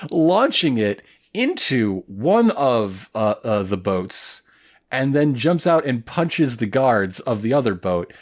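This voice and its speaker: A man's voice: medium pitch, very animated, slow pace. Rambling, joking male podcast co-host. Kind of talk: casual recap chat.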